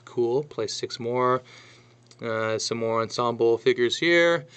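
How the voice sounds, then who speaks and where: A man's voice: mid-range voice, unhurried, clear, resonant tone. Chatty man teaching drum chart reading. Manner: chatty, counts rhythms aloud, thinks out loud. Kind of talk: casual music lesson walkthrough.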